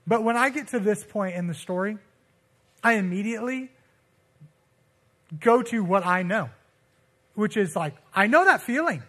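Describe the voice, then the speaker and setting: A young man preaching in a relaxed, conversational way, his voice sitting high for a man. He tells stories with lots of slang and acts out the people he quotes. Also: moderate pace, pauses often. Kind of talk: casual sermon.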